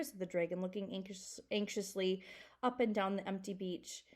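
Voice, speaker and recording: A woman teacher reading a children's book aloud to a second-grade class, expressive and asking the class questions. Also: medium pitch, moderate pace.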